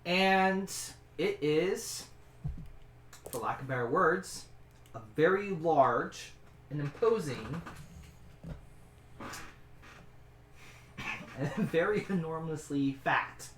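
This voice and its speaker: A game master narrating a tabletop game in a relaxed way, with quick asides. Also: medium pitch, reverberant, slight background noise.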